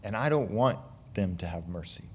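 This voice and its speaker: A man's voice: lowish voice, lively intonation, normal speed, a little mellow, a little hiss or hum, lightly acted. A man paraphrasing an angry prophet who rants bitterly to God in his sermon. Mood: resentful. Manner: bitter, self-pitying ranting. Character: resentful, angry male prophet complaining to God.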